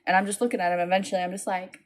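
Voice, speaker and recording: A tired young woman tells a rambling storytime vlog into her phone. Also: rapid-fire. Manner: tired, rambling, animated with high-pitched quoted voices. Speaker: small business owner vlogging.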